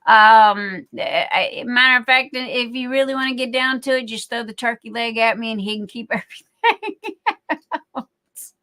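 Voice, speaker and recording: Middle-aged lady rambling on her live stream, kinda high bright voice, lots of ums. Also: lively intonation, normal speed, long pauses. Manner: rambling, chatty storytelling with many fillers and restarts. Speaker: livestream host. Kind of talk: casual chat.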